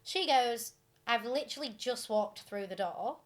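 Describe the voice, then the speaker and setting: A young woman co-hosting a podcast, retelling listener stories in a casual, animated way with lots of fillers and giggles. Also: fairly high pitch, unhurried. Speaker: podcast co-host.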